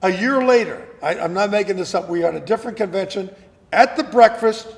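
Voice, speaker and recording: A man being interviewed as an actor guest, telling animated stories and often repeating words as he starts a sentence. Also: high-pitched, brisk, long reverb tail. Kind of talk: casual interview chat.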